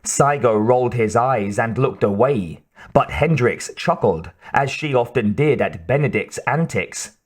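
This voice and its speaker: A male audiobook narrator reading in a measured, steady manner. His voice sits at an ordinary middle pitch. He takes the text at a slow, unhurried pace. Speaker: audiobook reader.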